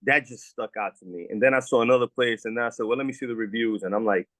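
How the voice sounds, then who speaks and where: A man's voice: mid-range voice, quick pace, hardly any pauses, fairly bright tone, dry recording. A man telling his own recovery story as a former guest, earnest and heartfelt, often stumbling and repeating words as he searches for them. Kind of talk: emotional testimonial.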